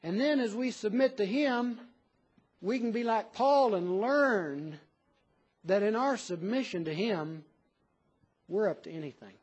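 Emphatic high-voiced male preacher. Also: animated, measured pace, long pauses, husky, highs cut off. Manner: earnest, emphatic, reads a poem in a softer lower voice. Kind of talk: sermon.

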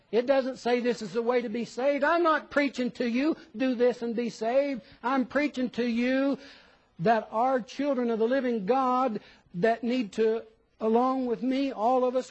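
A man's voice: extremely high pitch, darkish tone, low-quality recording. A man preaching a conversational sermon, asking rhetorical questions and reading scripture aloud.

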